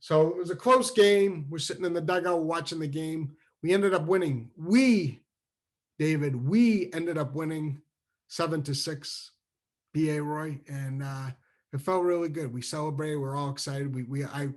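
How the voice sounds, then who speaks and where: A man from New Hampshire telling a childhood story at a virtual storytelling show, animated and full of restarts, acting out the dialogue. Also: fairly high pitch, normal speed. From New Hampshire, USA. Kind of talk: live storytelling over a video call. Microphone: video call microphone.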